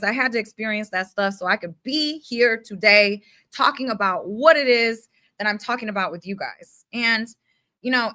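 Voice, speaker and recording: Bright, emphatic woman ranting casually. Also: fairly high pitch, no echo, clean studio sound. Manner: animated, emphatic and casual, with slang and mild swearing. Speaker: spiritual self-help speaker. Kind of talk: unfiltered motivational rant.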